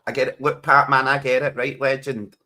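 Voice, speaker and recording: A man's voice: mid-range voice, little pitch movement, a little fast, pushed and bright. A man, co-hosting a casual podcast chat while watching a football match, joking and laughing often. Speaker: podcast co-host.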